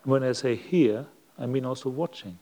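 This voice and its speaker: Monk giving a sermon, mellow male voice, slow and reflective with long pauses. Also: mid-range voice. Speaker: Buddhist monk giving a Dhamma talk. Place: monastery hall.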